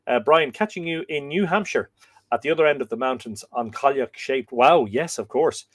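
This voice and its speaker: A middle-aged Irish man hosting a live stream, reading out viewer comments in a hesitant, thinking-aloud way with many pauses and fillers. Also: medium pitch, a bit bright. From Ireland. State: dry throat, coughing. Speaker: host of a live myth reading show.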